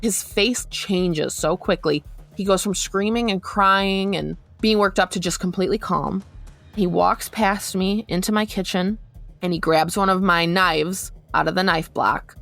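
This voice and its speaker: A young woman giving an earnest, measured personal account on a podcast, growing urgent at times. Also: fairly low pitch, vocal fry, fairly bright tone, soft background music. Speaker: interviewee recounting her experience.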